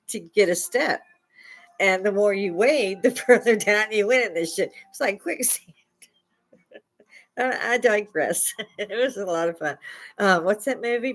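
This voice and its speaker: A woman's voice: mid-range voice, fairly bright tone. An older woman from Chicago hosting a live stream, telling rambling stories into a lapel mic and often laughing mid-sentence. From Chicago, USA. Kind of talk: casual storytelling chat.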